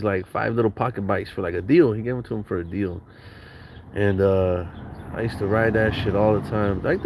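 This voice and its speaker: A man's voice: lowish voice, a little hiss or hum. A man casually telling childhood stories in a slangy, profane way, acting out quotes and laughing now and then. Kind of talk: casual storytelling.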